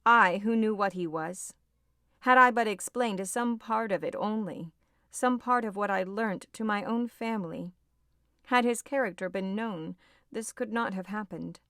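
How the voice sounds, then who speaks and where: A woman's voice: mid-range voice, a little slow, no echo, close to an everyday voice. A woman reading an audiobook voices a distraught young woman, agitated and close to tears. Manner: agitated, tearful pleading.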